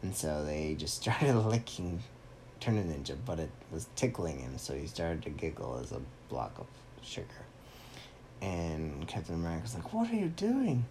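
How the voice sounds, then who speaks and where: A man playfully making up a story aloud for a child, animated and teasing. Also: rumbling low, moderate pace, a little hiss or hum. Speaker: parent telling a story to a child. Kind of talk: improvised bedtime story.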